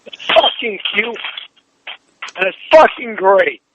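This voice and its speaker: A man's voice: high-pitched, expressive, slow pace, a bit bright, slight background noise. A man on a heated phone call, furious, swearing nonstop and making demands. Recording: dull phone line recording.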